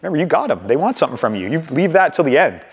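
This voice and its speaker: A man leading a live sales training session for a group, coaching in an energetic way and acting out phone calls. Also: on the high side, racing, breathy edge, in a large hall. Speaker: real estate sales trainer.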